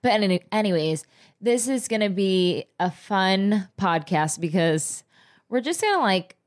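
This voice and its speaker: A woman's voice: mid-range voice, lively intonation, a little slow. A young woman with a New Jersey accent co-hosts a casual podcast. She laughs often, swears freely and cuts in over her friend. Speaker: podcast co-host. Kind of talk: casual chat.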